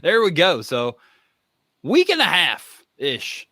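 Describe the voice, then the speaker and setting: A man hosting a podcast in casual chat, excitable and joking. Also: fairly high pitch, slow, no room sound. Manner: excitable, joking, jumpy delivery. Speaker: podcast host.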